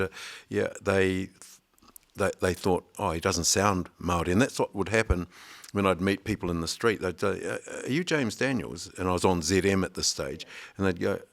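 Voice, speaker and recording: An older man in his sixties with a deep, low voice. He tells anecdotes in a relaxed conversational way, with self-deprecating humour. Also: moderate pace, gravelly. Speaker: veteran broadcaster. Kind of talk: conversational storytelling.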